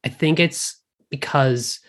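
A man's voice: a little high, slow pace, fairly bright tone. Irish guy talking movies, kinda rambly, keeps restarting, lots of "like". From Ireland. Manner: rambling, restarts sentences, many fillers. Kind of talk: casual film discussion.

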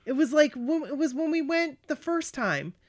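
A woman co-hosting a podcast, chatting casually with animated reactions. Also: sits high, normal speed, no echo, clean studio sound. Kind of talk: casual chat.

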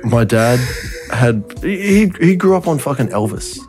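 A man's voice: mid-range voice, big pitch swings, normal speed, darkish tone, soft background music. A young man, co-hosting a podcast and telling a family story in casual chat, swearing often and laughing as he talks. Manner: swears a lot, laughs through his story. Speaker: podcast co-host.

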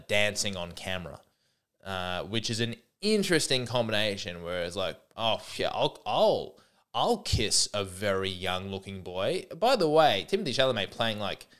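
A man's voice: on the low side, a bit bright, clean tone. A man hosting a comedy podcast, speaking in a mock-earnest, rambling way with frequent restarts. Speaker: podcast host.

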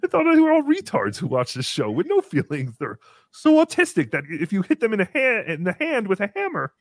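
On a comedy livestream, a man voices a crude, giggly green puppet who reads out donations and refers to himself in the third person. The heavily acted, cheeky voice sits high with wildly swooping pitch and a slightly fast pace, recorded dry with clean studio sound.

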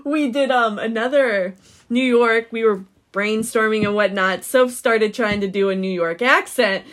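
A woman's voice: mid-range voice, steady tone, a little slow, fairly bright tone. A woman co-hosting a casual podcast, upbeat and giggly, leading the questions. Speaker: podcast co-host.

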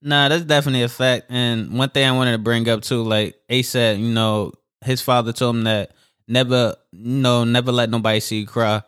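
A man's voice: mid-range voice, flat delivery, moderate pace, a bit bright, clean tone, no echo, clean studio sound. A man telling a candid story in casual chat, swearing freely. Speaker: podcast co-host.

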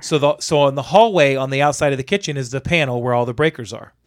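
A man, an electrician, casually telling a work story on a podcast, animated and exasperated, swearing freely. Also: mid-range voice, fast talker.

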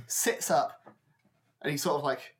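Rambling, low-voiced woman game master. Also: animated, slow pace, noisy background. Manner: rambling, laughs often, many fillers. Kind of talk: narrating a tabletop game.

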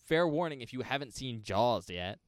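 A man's voice: mid-range voice, normal speed, no room sound, studio quality. A young man co-hosting a casual movie podcast, explaining film history and teasing his friend. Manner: teasing, animated when making a point. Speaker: podcast co-host.

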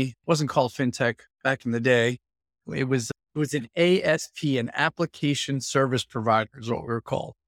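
In a casual interview, a guest in his fifties who founded an executive consultancy tells stories from his career. His medium-pitched voice comes through with studio quality and no echo, and he's a lively storyteller who acts out what people said to him.

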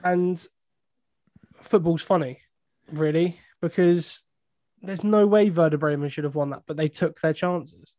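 A man with a fairly high voice gives blunt, wry opinions on a football podcast. The recording is dry and close, with no room sound. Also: a little slow, pauses often, mellow, no room sound. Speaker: podcast co-host. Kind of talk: casual football podcast chat.

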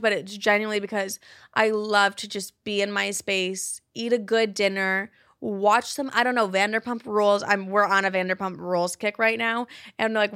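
In her big-city US apartment, a young woman in her twenties hosts a laid-back podcast, cursing freely, leaning on "like," and laughing at times. Her mid-range voice is slightly bright, clear, and resonant, captured in a dry, clean studio recording.

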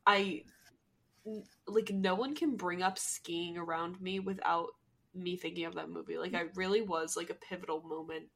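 A woman's voice: fairly low pitch, steady tone, normal speed, gravelly. A young woman from New Jersey co-hosting a podcast in casual chat, giggly and full of filler words. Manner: chatty, giggly, lots of "like" fillers. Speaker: podcast co-host.

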